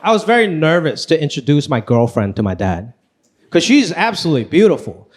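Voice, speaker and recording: High-pitched, animated male stand-up comic. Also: fairly quick. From Los Angeles. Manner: animated, high-energy storytelling. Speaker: stand-up comedian. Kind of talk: live stand-up comedy. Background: audience laughing.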